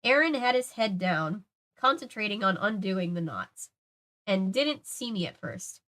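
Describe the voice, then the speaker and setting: A young woman reading a children's horror book aloud in a casual, unhurried way, dropping in joking asides. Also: mid-range voice, lively intonation, fairly bright tone. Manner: swears and jokes in casual asides.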